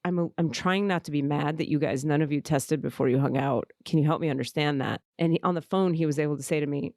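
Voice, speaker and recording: A woman with a fairly low voice tells a personal story as a podcast host. She speaks frankly and expressively and swears freely. The sound is dry and close. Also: fast talker, few pauses, a little mellow, no echo.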